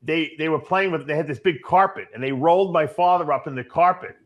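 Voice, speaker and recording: Brief: talkative male host, casual and reflective, somewhat high pitch. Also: brisk, highs cut off. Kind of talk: casual conversation.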